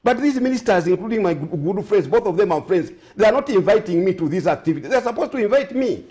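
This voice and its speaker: A man's voice: high voice, expressive, quick pace, warm tone. A man with a Zambian accent, a guest on a breakfast talk show, speaking in a rambling way with frequent self-corrections and sarcastic asides. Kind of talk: studio talk show discussion.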